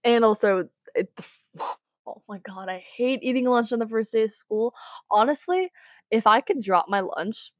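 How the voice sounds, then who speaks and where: A woman's voice: fairly high pitch, animated, normal speed, dry recording. Teenage girl, podcast host, rambling chatty advice, exasperated sighs, dry close mic. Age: teens. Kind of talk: casual advice monologue.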